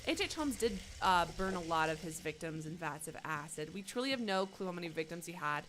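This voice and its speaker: A woman's voice: fairly low pitch, expressive, fairly quick, fairly bright tone, a little hiss or hum. A woman streaming a game live, chatting with sarcastic asides about what she sees. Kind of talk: live gameplay commentary.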